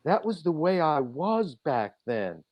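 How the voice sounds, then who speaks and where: Animated man telling stories. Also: slow, rough recording. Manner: animated, acts out quotes with big swings in pitch. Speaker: podcast guest, author. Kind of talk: casual storytelling.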